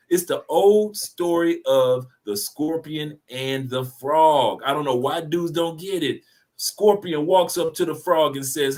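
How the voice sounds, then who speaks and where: Animated slangy man telling a story. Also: a little high, a little slow. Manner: animated, preachy, slangy, repeats words. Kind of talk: casual discussion, storytelling.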